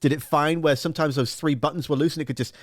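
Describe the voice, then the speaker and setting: A man's voice: on the high side, fairly even intonation, fast talker, no echo, clean studio sound. A man hosting a live radio stream, chatting casually and telling a rambling, profane, jokey story full of silly acted-out voices.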